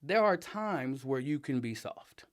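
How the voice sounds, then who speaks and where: A middle-aged man talking casually as an interview guest, emphatic and animated, laughing often and getting loud when riled up. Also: mid-range voice, a little slow. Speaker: interview guest, father and design director.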